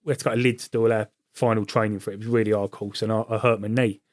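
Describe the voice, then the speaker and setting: Fast-talking army veteran. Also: male voice, fairly low pitch, level tone, darkish tone, no echo, clean studio sound. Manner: quick, chatty, laughs at his own stories. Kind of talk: casual podcast chat, storytelling.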